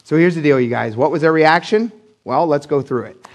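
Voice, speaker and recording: This middle-aged man from Pennsylvania speaks fairly quickly in a fairly high, lively voice as he preaches. His sermon in church is casual and blunt, and he performs the people he quotes with dramatic vocal jumps.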